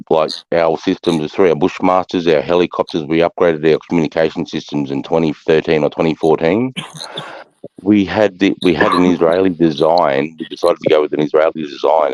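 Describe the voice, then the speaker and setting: A man's voice: low-pitched, no room sound, muffled recording. A man with an Australian accent, ranting in a casual live chat and swearing heavily. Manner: swearing, ranting, heats up into loud outbursts.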